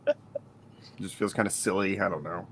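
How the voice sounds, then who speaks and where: A man with a somewhat low voice chats loosely on a podcast. He rambles, laughs often and fills his sentences with "like". Faint noise sits under the recording. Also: normal speed, vocal fry, fairly bright tone. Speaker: podcast co-host. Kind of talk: casual chat.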